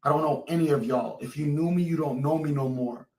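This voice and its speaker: A man's voice: a little high, brisk, a little mellow, recorded from a distance. A man live streaming from a hotel room, talking in brash, profane rants to his chat and to an emergency dispatcher. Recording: roomy sound, away from the mic.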